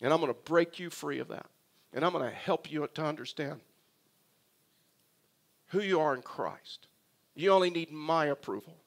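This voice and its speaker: Male pastor, higher register, earnest emphatic preacher who repeats for effect. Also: fairly bright tone. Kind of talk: sermon.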